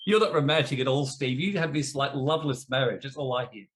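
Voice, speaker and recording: A man's voice: mid-range voice, fast talker, a bit bright. A man teaching in a live online discussion, telling an earnest, confessional personal story and later teasing his co-hosts playfully. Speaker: teacher in an online spiritual debate.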